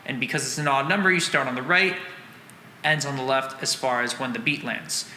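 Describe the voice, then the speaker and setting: Amid heavy background noise, loud drum line music and a reverberant, echoey room, a man explains snare rhythms in a drum lesson. He talks fairly quickly at medium pitch, singing and counting beats in syllables with casual fillers.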